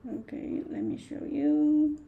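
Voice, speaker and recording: A woman teaching Chinese words on a live stream, speaking slowly and repeating each word several times while stressing its tones. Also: sits high, vocal fry, phone-quality sound. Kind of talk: live-streamed language lesson. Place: live stream set-up at home.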